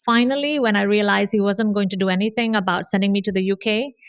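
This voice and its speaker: A woman's voice: medium pitch, fairly even intonation, fast, clear, resonant tone, no echo, clean studio sound. Earnest woman telling her story. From Indonesia. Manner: earnest, repeats phrases for emphasis. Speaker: podcast guest. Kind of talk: conversational storytelling.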